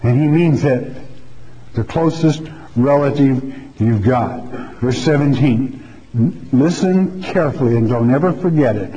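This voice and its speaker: A man's voice: medium pitch, unhurried, dark tone, slightly rough. A man preaching a verse-by-verse Bible sermon in a folksy, chatty way, often checking in with "okay?". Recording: roomy hall, dull lo-fi sound.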